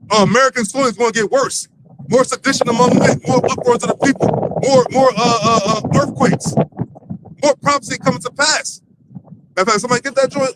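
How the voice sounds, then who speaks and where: High-voiced man teaching scripture loosely. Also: heavy background noise. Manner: loose and profane, lots of fillers and restarts. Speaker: lead teacher of a religious camp. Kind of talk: livestreamed street-style Bible teaching.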